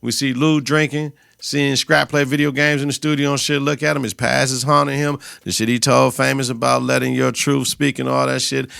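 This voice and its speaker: A man's voice: medium pitch, level tone, brisk, creaky, hardly any pauses, a bit bright, clear, resonant tone, no echo. A man hosting a podcast, giving a loose, slang-heavy, profane recap of a TV episode into a close mic. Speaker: podcast host.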